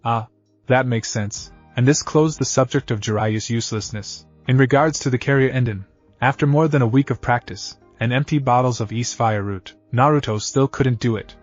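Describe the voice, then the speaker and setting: A man giving a steady scripted narration of a fan-fiction story. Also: medium pitch, a little fast. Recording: dull lo-fi audio. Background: faint background music.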